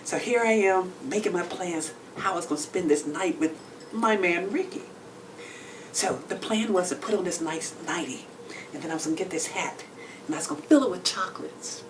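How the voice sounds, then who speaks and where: A woman with a Texan accent performing a stand-up storytelling solo show, swinging between hushed whispers and loud exclamations. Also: fairly low pitch, moderate pace, a little hiss or hum. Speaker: comedian. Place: comedy club stage. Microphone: stage microphone. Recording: distant mic with faint club ambience.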